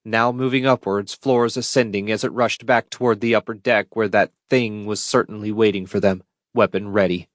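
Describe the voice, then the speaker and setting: A man with a lowish voice narrates an audiobook at a steady, measured pace. The recording is dry and close, with no room sound. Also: dry recording. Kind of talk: scripted narration.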